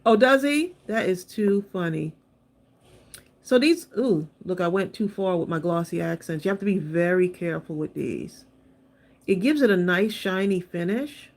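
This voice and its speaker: A woman's voice: on the low side, expressive, normal speed, a little mellow. Chatty woman hosting a craft stream. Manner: chatty, laughs often, addresses viewers as y'all. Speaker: craft channel host. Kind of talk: live-stream crafting chat and demo.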